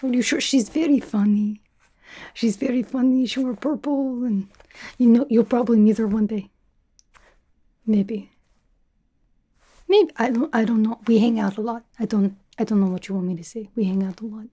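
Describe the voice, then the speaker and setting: A young woman voicing a brash, teasing female spy who interviews a recruit, in whispered role-play with a soft, half-whispered, rambling way of talking. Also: fairly high pitch, moderate pace, pauses often, natural voice. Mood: playful teasing. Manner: teasing, chatty, self-absorbed, drops articles. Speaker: ASMR creator.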